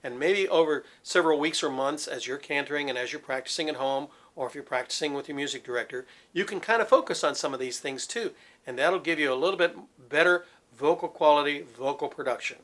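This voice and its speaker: A man's voice: a little high, a little fast, few pauses, fairly bright tone. A middle-aged man and former opera singer teaching vocal technique, explaining patiently and demonstrating with sung examples. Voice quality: resonant, focused head voice.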